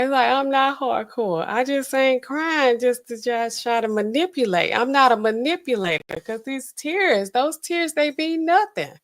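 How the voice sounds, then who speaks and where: A woman hosting a show in casual, rambling commentary, talking in an animated, colloquial way and laughing often. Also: medium pitch, moderate pace, few pauses. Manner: swings often between loud and quiet.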